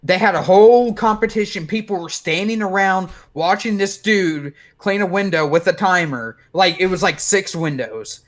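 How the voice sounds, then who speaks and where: A man co-hosting a podcast, chiming in with quick jokes and telling a short story. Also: high voice. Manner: joking, chimes in with quips. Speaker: podcast co-host. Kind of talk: casual podcast chat.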